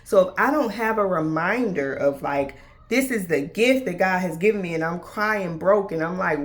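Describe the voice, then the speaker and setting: A woman in her thirties speaks at a moderate pace in a lowish voice while hosting a faith-based podcast. She keeps it casual, says y'all to her listeners, and dramatizes dialogue with God and other people.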